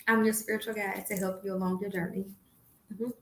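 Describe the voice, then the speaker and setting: A woman in her fifties hosting a podcast, talking in a blunt, profane monologue that swings from low asides to loud outbursts. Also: little pitch movement, fairly quick. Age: 50s. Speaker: podcast host. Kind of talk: candid monologue. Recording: roomy echo.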